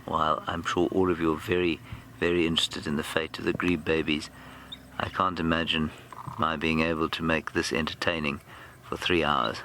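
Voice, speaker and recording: A man's voice: a bass voice, little pitch movement, moderate pace, bright, forceful tone, a little hiss or hum. A man guiding a live game drive outdoors, giving advice and commentary with dry, self-deprecating humor. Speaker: safari guide. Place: outdoors in the bush.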